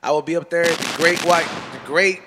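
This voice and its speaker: A man hosting a podcast in casual chat, talking in fast, profane, slangy street talk that drops into Spanish. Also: on the high side, steady tone, background noise. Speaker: podcast host.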